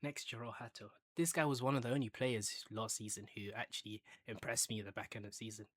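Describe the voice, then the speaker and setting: A man's voice: fairly low pitch, fairly even intonation, fast, a bit bright. A man hosting a casual football chat, ranking players with banter and bursts of hype. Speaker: football fan channel host.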